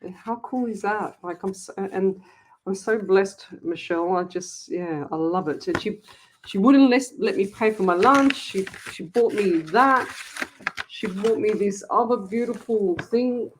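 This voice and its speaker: A woman's voice: medium pitch, a little slow, noisy background. A woman from Australia hosting a casual livestream from her home office, chatting in a gushing way with many restarts. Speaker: psychic medium, livestream host. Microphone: webcam.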